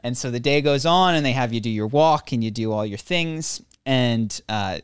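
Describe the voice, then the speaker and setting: A man on a podcast telling a personal story in a casual chat, animated, acting out the voices of others and joking at his own expense. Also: mid-range voice, normal speed, clean tone, no room sound, clean studio sound. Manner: animated, acts out quoted voices, laughs often; self-deprecating humor.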